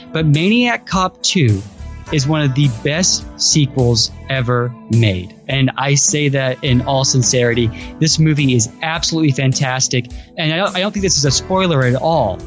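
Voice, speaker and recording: A man's voice: mid-range voice, lively intonation, normal speed, soft background music. A man co-hosting a casual movie podcast, talking with easygoing enthusiasm and restarting his sentences as he goes. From Austin, Texas. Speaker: podcast co-host.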